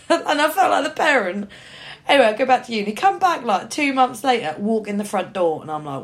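A woman in her thirties tells a story on a podcast in a lively, chatty way. She swears freely and puts on voices for the people in her story. Her voice sits a little high. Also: brisk. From Norfolk, England. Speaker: podcast co-host. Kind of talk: casual chat.

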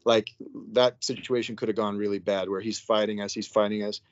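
A man's voice: on the low side, little pitch movement, fairly quick, no room sound. A man, a psychiatric nurse being interviewed, telling a story in a loose, casual way, filling his talk with "like" and "you know". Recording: dull, dry, lo-fi sound.

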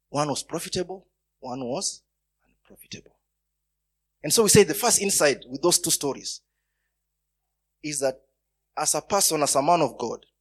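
A man preaching a sermon, telling stories and breaking into loud bursts of emphasis. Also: a little high, breathy edge.

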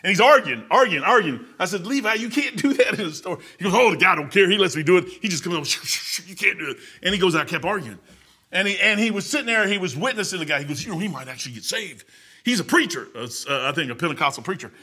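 High, bright-voiced folksy male preacher. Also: lively intonation, fast, slightly rough. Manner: folksy, storytelling, swings from quiet asides to loud exhortation. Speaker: pastor. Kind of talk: sermon.

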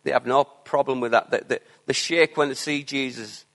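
A man preaching a sermon, earnest and emphatic, with quieter asides between his declarations. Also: medium pitch, normal speed.

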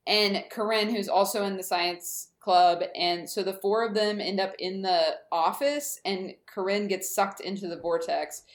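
A woman's voice: mid-range voice, steady tone, measured pace, hardly any pauses. A woman casually recapping a kids' TV episode on a podcast, chatty with lots of fillers. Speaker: podcast co-host. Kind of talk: casual chat recapping a TV show.

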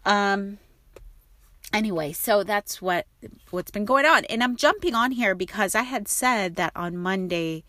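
A woman's voice: medium pitch, animated, unhurried, pushed and bright, no room sound. A middle-aged woman vlogging in casual chat, rambling with lots of fillers and restarts. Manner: rambling, with many fillers and self-corrections.

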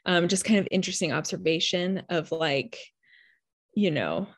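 A woman's voice: on the low side, lively intonation, moderate pace. A woman and mother chatting casually, rambling reflectively with many fillers. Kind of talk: casual chat.

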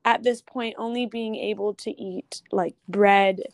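A young woman, a guest photographer, talking casually in an interview, chatty with quick asides and restarts. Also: mid-range voice, fairly even intonation, gravelly, no room sound.

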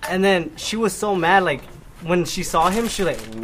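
A man's voice: high voice, moderate pace, a little hiss or hum. A young man telling a story in casual podcast chat, acting out the quoted lines. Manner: animated, acts out quoted lines. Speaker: podcast host.

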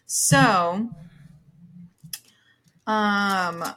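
A woman's voice: medium pitch, drawn-out words, bright, forceful tone. A young woman co-hosting a podcast, telling stories in casual chat with lots of fillers and frequent laughter. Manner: chatty storyteller, laughs often, many fillers. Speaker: podcast co-host.

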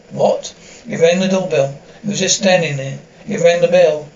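Guy with a slightly high voice reading a drama dub and its sound cues, kinda dull audio. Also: steady tone, normal speed, darkish tone, slight background noise. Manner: reads sound cues aloud between lines.

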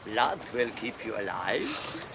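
An actor playing a mocking, half-mad sailor adrift in a lifeboat in an old radio drama, taunting the others. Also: male voice, medium pitch, sing-song, takes it slowly. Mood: menacing. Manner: taunting, gloating, bursts of wild laughter. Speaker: shipwreck survivor in a boat. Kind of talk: vintage radio drama acting. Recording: noisy old radio recording.

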